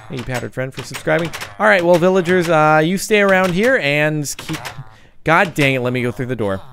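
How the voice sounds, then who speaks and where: A young man giving jokey, excitable let's-play commentary, breaking into yelps and sing-song chants. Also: on the high side, smooth. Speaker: gaming YouTuber.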